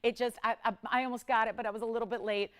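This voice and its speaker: A woman's voice: a little high, flat delivery, rapid-fire. A woman hosting a live TV jewelry shopping show, enthusiastic and repeating words for emphasis. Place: TV studio.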